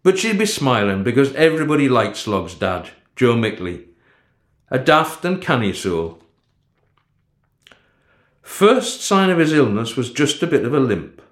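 A man narrating a first-person story in a steady storytelling manner. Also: mid-range voice, measured pace, pauses often. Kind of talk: storybook reading. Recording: echoey room.

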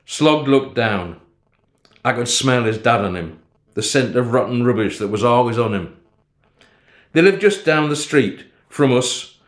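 Guy reading a story out loud, steady pace, middle pitch, echoey room. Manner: steady first-person storytelling. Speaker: narrator.

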